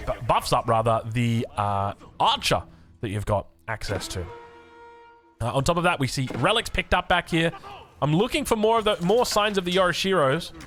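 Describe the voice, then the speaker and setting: Australian man, lively game caster, enthusiastic and jokey, bright forceful voice, fairly high pitch, faint music behind. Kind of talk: excited esports commentary.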